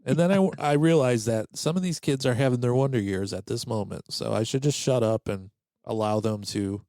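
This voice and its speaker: A man's voice: mid-range voice, a little fast, no echo. Dry, close-miked storytelling man. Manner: animated, acts out quoted voices. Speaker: podcast host. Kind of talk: casual storytelling chat.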